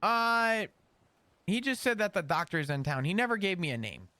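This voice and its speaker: High, lively man telling a roleplay story. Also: normal speed, dry recording. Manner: animated, rambling recount with restarts. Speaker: roleplay character in a GTA server. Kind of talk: in-character storytelling recounting events.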